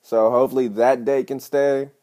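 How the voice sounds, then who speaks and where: A young man rambling and swearing through a solo podcast episode, cracking crude jokes and breaking into sudden loud outbursts. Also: medium pitch, fairly even intonation, moderate pace. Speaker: podcast host and stand-up comedian. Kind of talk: casual rambling monologue.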